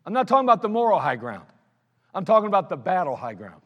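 Blunt high-voiced preacher man. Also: big pitch swings, fast talker, husky, lo-fi sound. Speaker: pastor. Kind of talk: sermon. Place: church sanctuary. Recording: long hall reverb of a church sanctuary.

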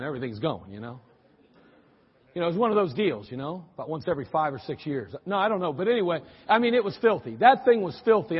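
A man with a high, husky voice tells sermon stories in a folksy, joking style, relying on repeated phrases. The audio is dull and muffled, and a long hall reverb trails after each line.

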